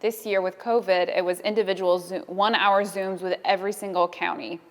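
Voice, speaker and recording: A woman's voice: on the low side, steady tone, normal speed, big-room sound. Candid woman telling a stressful story. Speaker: foundation fellow. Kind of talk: casual roundtable chat.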